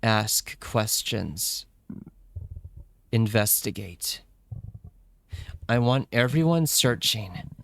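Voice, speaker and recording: A man's voice: fairly low pitch, expressive, drawn-out words, gravelly, long pauses, a bit bright, slight background noise, heavily acted. A man voicing a stern masked leader who gives curt orders to his group while reading a story game aloud. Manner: curt, commanding.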